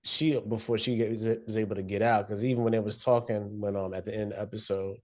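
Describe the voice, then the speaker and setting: Male co-host, lowish voice, laid-back analysis of an episode. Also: quick pace. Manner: relaxed, conversational, quotes characters in a plain voice. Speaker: podcast co-host. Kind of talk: casual TV recap chat.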